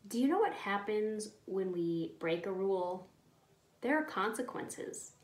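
A woman's voice: medium pitch, lively intonation, unhurried. A woman teaching a children's Bible lesson, patient and kindly, often asking the children questions. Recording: echoey room.

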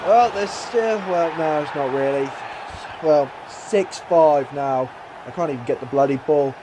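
Excitable gamer, high voice, noisy. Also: male voice. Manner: swings between mock commentary and frustrated outbursts, swears mildly. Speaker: gaming YouTuber. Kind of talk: excited gameplay commentary.

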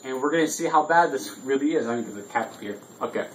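A man's voice: mid-range voice, animated, quick pace, poor audio. A drunk man hosting a casual vlog, rambling loosely and swearing freely. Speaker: vlog host. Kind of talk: casual chat.

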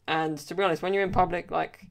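A young man hosts a casual solo podcast, telling rambling, chatty stories full of "like" and "you know." His voice is a little high and gravelly, steady in tone, and fast.

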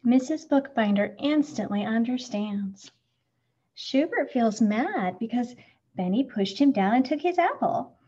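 Expressive woman reading a picture book. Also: fairly high pitch, measured pace, husky. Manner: expressive, acts out sound words. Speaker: storybook reader. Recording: muffled lo-fi recording.

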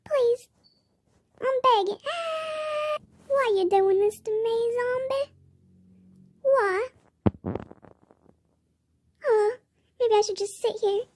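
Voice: very high-pitched, very slow, long pauses, darkish tone, a little hiss or hum, heavily acted. A performer voicing a sad loser male mall cop stuck in a bunny suit, in a whiny, self-pitying, pleading game role-play story voice, often near tears. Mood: pleading, panicked.

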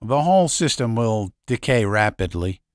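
A man voicing a grim, weary male fighter who speaks bluntly and matter-of-factly, a bit higher than the narration. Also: sing-song, moderate pace, no echo, studio quality. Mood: flat.

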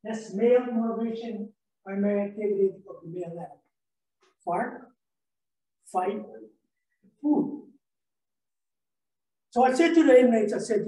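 A man's voice: sits high, a little slow, pauses often, warm tone. A man lectures in a loose, joking way, firing questions at the room and wandering off into stories. His voice sounds far from the mic and bounces around a very echoey room. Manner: playful, rambling, quizzes the audience. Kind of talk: lively classroom lecture with jokes.

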